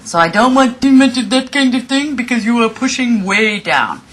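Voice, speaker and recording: A woman's voice: on the high side, big pitch swings, fairly bright tone. A woman vocal coach giving a lesson, explaining and demonstrating sounds and praising her student in short bursts. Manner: instructive, demonstrates sounds, gives quick praise.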